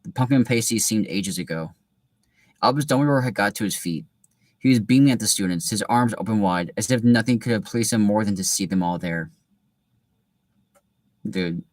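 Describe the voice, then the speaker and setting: A young man reads a storybook aloud, then drifts into laid-back chatty asides full of filler words. His voice sits on the low side. The recording is close and dry. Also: normal speed, pauses often, a little mellow, no echo. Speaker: reader. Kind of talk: reading aloud with casual commentary.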